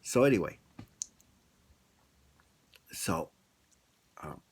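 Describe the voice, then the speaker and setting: A man's voice: sits low, very animated, drawn-out words, breathy edge. A man vlogger telling a story in a casual, chatty way and asking his viewers questions.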